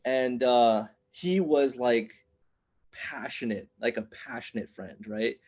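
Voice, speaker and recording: Taking it slowly, a man in his thirties rambles conversationally through a stand-up set at a small online open-mic, frequently cutting himself off to restart. His voice is medium-pitched and darkish, and the audio is dull.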